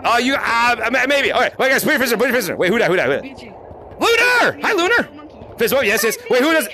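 A man creating YouTube content, chatting excitedly with fans inside a virtual reality game, talking into a headset mic in a shouty, giggly way and repeating words in quick bursts. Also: very high voice, crowd noise. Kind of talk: excited live gameplay chat with fans.

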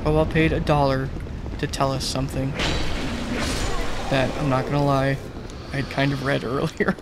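A man's voice: mid-range voice, level tone, moderate pace, background noise. A young man giving laid-back, joking commentary while streaming a game, often breaking into laughs. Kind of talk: casual gameplay commentary.

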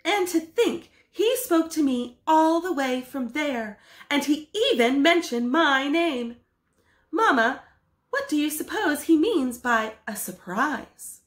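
A woman reading as an eager, dreamy middle-aged man who marvels at everything, in a bright, lively voice. It is a storybook read-aloud in an echoey room. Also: sits high, slow, voice pushed up, full character voice. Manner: eager, wondering.

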